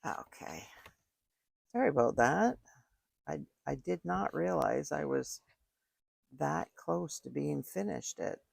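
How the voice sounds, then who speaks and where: A woman's voice: low-pitched, animated, takes it slowly, vocal fry, pauses often, a little mellow, husky, dry recording, studio quality. An older woman chatting casually as she makes a card at home, thinking aloud while she works. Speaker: card-making crafter. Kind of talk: casual crafting tutorial. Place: home craft room. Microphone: desk microphone.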